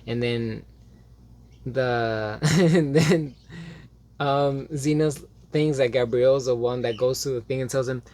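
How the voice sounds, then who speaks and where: A man's voice: mid-range voice, slow. Rambling, chatty man reviewing a show. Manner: rambling, full of fillers and self-corrections; gets animated and dramatic when excited. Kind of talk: casual spoken review.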